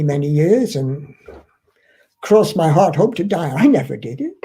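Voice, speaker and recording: A man's voice: a little high, vocal fry, mellow, slightly rough. A man explaining shipping costs as a trainer, earnest and emphatic, repeating key points to drive them home. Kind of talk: instructional explanation.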